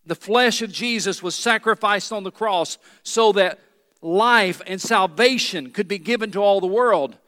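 Long hall reverb fills the recording as a man preaches as pastor in a large church, his high voice pushed and bright yet unhurried. He's emphatic, calling out questions to the people gathered.

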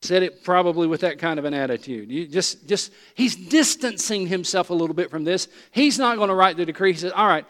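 Male preacher, high-pitched, emphatic teaching style, long hall reverb. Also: a little fast, hardly any pauses. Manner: animated, emphatic, conversational teaching. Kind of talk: expository sermon.

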